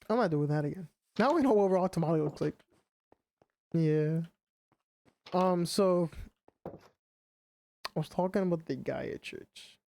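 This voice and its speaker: A man's voice: a little high, mellow. A young man streaming a game, chatting casually and rambling with plenty of fillers. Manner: rambling, full of "like" and "you know" fillers. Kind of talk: casual chat while gaming.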